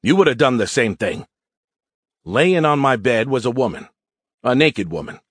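Wry, husky male audiobook narrator. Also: mid-range voice, very animated, normal speed, dry recording, studio quality. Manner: wry, self-mocking. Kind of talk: scripted first-person narration.

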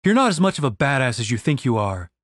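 A man's voice: medium pitch, big pitch swings, quick pace, dry recording. A man voicing a snarky, mocking male elf in a fantasy audiobook, dry and sarcastic. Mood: wry.

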